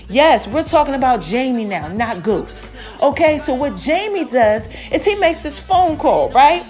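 A woman hosting a casual podcast recap, chatty and animated, acting out the characters' lines in quick asides. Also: sits high. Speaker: podcast host recapping a TV episode. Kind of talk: casual chat.

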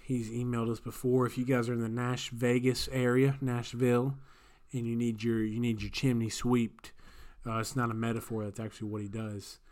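A man's voice: medium pitch, flat delivery, moderate pace, few pauses, a little mellow. A man co-hosting a casual podcast, joking and rambling. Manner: jokey, rambling, playful put-on voices. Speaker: podcast co-host. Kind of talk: casual chat.

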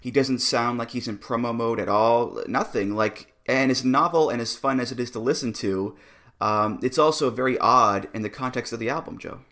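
Laughing frequently and often starting sentences over, this man co-hosts a podcast in an amused, casual review chat. His voice is medium-pitched and a bit bright, and he talks at a moderate pace.

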